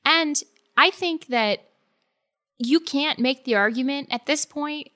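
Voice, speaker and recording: A woman co-hosting a casual sports talk show, animated and quick to laugh as she acts out what others say. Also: sits high. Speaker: sports podcast co-host.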